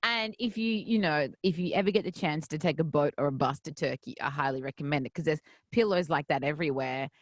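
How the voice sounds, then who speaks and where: A woman's voice: sits low, fast, hardly any pauses, no echo. A bubbly, teasing woman hosting a casual radio interview from a studio. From Australia. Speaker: radio host. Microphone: headphones and studio mic.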